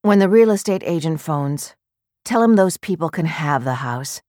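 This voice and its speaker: A tender, patient husband in a storybook reading, as a woman narrator puts him on. He speaks softly and steadily, in a lowish, quiet voice. The sound is close and dry. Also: animated, normal speed, dry recording. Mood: gentle. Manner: soft and quiet.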